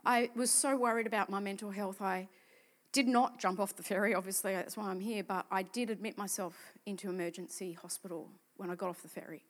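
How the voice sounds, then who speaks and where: A woman speaking as a desperate middle-aged man she met, in a quiet, subdued voice. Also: mid-range voice, fairly even intonation, a little fast, voice pushed down, close to an everyday voice. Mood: despairing.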